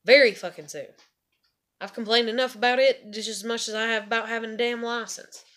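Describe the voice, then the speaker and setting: A young woman vlogger complains about her family in a rambling, repetitive rant laced with heavy swearing, sounding frustrated and bitter. Her voice is on the high side and fairly bright, with fairly even intonation and a slightly fast pace.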